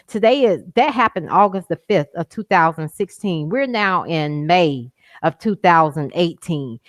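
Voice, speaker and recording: On an interview call, a middle-aged woman, the mother of a man killed by police, speaks as a guest in a lowish voice on a dry recording. She is impassioned and insistent, repeating points for emphasis and at times close to tears.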